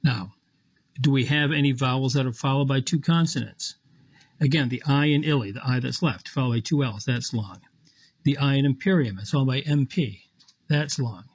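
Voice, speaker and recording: Guy walking thru a latin lesson, kinda husky voice, dull dry lo-fi sound. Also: medium pitch, normal speed. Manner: patient, step-by-step explaining with small self-corrections. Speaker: Latin teacher. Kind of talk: screen lecture walking through an example.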